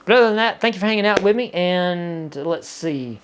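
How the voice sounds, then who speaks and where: A man with a drawl talks casually to his viewers. His voice sits a little high for a man. He rambles in a folksy way, full of restarts and "you know.". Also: expressive, normal speed, background noise. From Gulf Coast of the US. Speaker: vlogger. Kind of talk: casual chat to camera.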